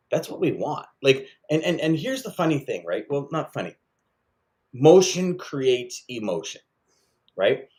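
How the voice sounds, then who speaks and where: A man co-hosting a casual sales podcast, talking with energy and repeating points for emphasis. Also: mid-range voice. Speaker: podcast co-host.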